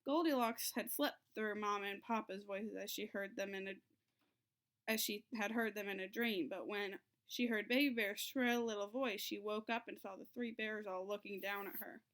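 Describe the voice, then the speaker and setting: A woman teacher reading a storybook aloud to children, in an expressive storytelling way. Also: mid-range voice, moderate pace. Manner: expressive, sing-song storytelling.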